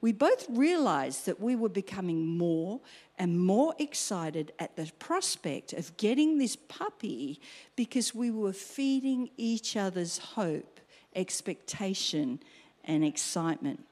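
A middle-aged woman preaching a sermon, acting out her own exclamations in an animated way. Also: medium pitch, slow pace. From Australia.

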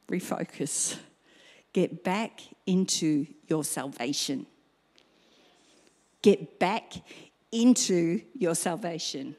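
A middle-aged woman preaching a sermon, acting out her own exclamations in an animated way. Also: lowish voice. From Australia.

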